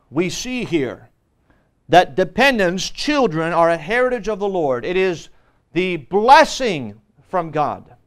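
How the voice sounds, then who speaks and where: Man, pastor, church teaching, earnest, emphatic, high voice, crisp tone. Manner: earnest, emphatic, with frequent fillers. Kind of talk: Sunday school teaching.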